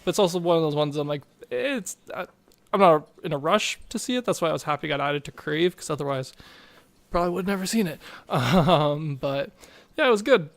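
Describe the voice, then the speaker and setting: A man's voice: on the high side, a little fast, creaky. Rambling, laughing podcast co-host guy. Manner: rambling, animated, laughs often. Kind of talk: casual chat.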